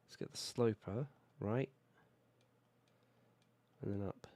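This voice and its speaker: Low-voiced hoarse British man streaming a game. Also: slow pace, no room sound. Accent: British English. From Britain. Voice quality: relaxed, rambling, self-correcting. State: hoarse from a cold, coughing. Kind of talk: casual gameplay commentary.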